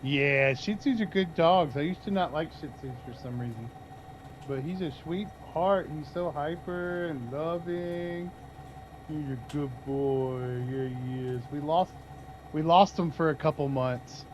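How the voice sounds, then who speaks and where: A man's voice: fairly high pitch, unhurried, slight background noise. A man chatting casually on his livestream, telling a long rambling story and talking to his dog in between. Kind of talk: casual chat with stream viewers.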